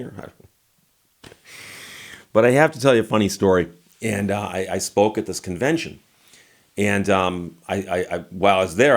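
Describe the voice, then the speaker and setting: A man with a lowish voice tells a story to camera in a relaxed way. He is wry and dry, and his voice jumps up in mock disbelief when he quotes himself. He sounds like a lawyer talking off the cuff. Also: moderate pace, pauses often. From United States. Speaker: lawyer and channel host.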